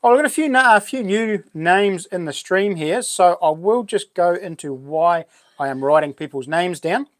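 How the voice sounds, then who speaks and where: A man's voice: high-pitched, animated, normal speed, no room sound, clean studio sound. A man with a New Zealand accent hosting a livestream, chatting casually and upbeat, greeting viewers as buddy and mate. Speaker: livestream host. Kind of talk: casual chat greeting live chat.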